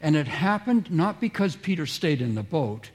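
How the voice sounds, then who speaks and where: A man's voice: a little high, sing-song, moderate pace, husky. A man preaching a sermon, telling stories and acting out quoted voices, drawing listeners in with questions. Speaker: pastor.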